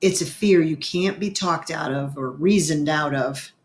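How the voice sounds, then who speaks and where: A woman doing a sleepy preacher dad, low and slow, calm. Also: echoey room. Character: gentle, sleepy middle-aged male preacher.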